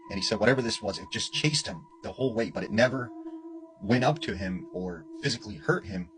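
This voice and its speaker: A man's voice: lowish voice, expressive, a little fast, noisy background. A man retelling a story in a casual, conversational way, with lots of "you know" and "like". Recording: music playing underneath.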